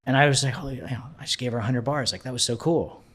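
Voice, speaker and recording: A man in his thirties, a podcast guest telling a story in a casual, animated way and acting out the dialogue he quotes. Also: medium pitch, quick pace, husky.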